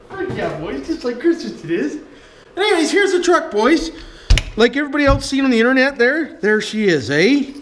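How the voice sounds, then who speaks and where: A man's voice: extremely high pitch, fairly bright tone. A man from doing a casual unboxing review of a toy truck, folksy and full of repeated catchphrases, calling his viewers boys. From Canada. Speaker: RC hobby reviewer. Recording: roomy sound with faint noise.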